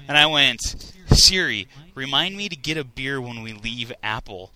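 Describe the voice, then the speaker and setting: A young man in casual chat, telling stories excitedly and laughing often. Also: mid-range voice, normal speed, few pauses, low-quality recording.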